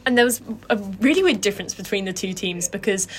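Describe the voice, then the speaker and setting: A woman's voice: mid-range voice, animated, fast. A woman co-hosting a cricket podcast, talking through match tactics and statistics in an analytical, casual way. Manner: analytical, cites figures and stats. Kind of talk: casual sports discussion.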